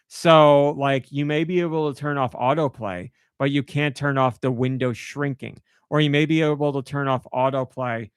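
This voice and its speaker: A man's voice: on the high side, clean tone, dry recording, clean studio sound. A man hosting a podcast, ranting about a pet peeve and acting out his own reactions in casual chat. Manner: animated storytelling, acts out his own outbursts. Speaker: podcast host.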